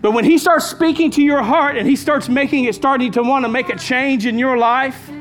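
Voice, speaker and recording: A pastor with a very high-pitched, fairly bright voice preaches a little fast, with faint music in the background. He is emphatic, repeating his key lines and calling out to the congregation.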